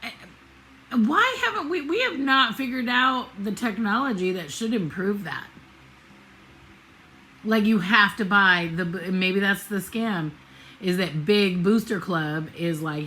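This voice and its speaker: A middle-aged woman vlogs casually about her road trip, digressing, poking fun at herself, and filling her speech with fillers and restarts. Her mid-range voice is animated and sharp-toned, but she takes it slowly; the rough recording has a slight hiss or hum.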